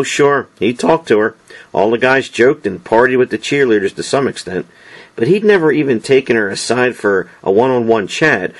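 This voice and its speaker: A man narrating a novel as an audiobook with an expressive, dramatic delivery. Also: medium pitch.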